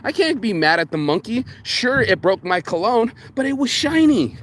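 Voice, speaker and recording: A man's voice: extremely high pitch, normal speed, background noise. A man ranting casually in a morning vlog, telling stories with heavy swearing and acting out what other people said. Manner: profane, animated storytelling with quoted voices. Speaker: vlogger. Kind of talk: casual rambling vlog rant.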